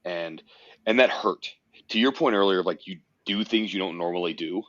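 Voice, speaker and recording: Deep-voiced man talking intensely, cursing often. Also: moderate pace, dry recording. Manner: emphatic, swears often, tells stories intensely. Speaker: podcast guest, powerlifter. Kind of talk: casual podcast conversation. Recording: dry, slightly muffled podcast audio.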